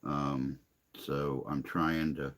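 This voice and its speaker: A man's voice: extremely low pitch, little pitch movement, drawn-out words, fairly bright tone. An older man hosting a casual livestream chat, reading viewer comments aloud in a rambling, self-deprecating way.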